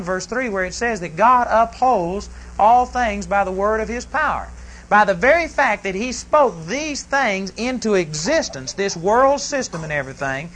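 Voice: medium pitch, a bit bright, low-quality recording. Folksy rambling preacher. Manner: folksy, rambling, prompts the congregation and corrects itself. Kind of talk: sermon. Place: church service before a congregation.

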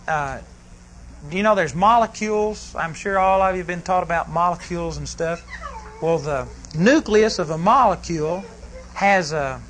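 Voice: medium pitch, a bit bright, a little hiss or hum, poor audio. Folksy rambling preacher. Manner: folksy, rambling, prompts the congregation and corrects itself. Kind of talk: sermon. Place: church service before a congregation.

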